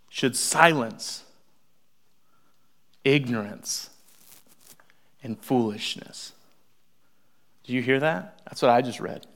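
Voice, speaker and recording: A young adult man gives a sermon to his congregation, mixing scripture with humorous everyday stories. His voice sits a little high and stays animated, jumping from loud exclamations down to hushed, intimate asides. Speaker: pastor.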